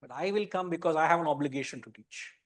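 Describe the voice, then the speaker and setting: High-voiced Indian man teaching a class. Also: quick pace, no room sound. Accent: Indian English. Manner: conversational, teasing, mixes in Indian words. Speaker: Gita teacher. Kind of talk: lecture to a study class.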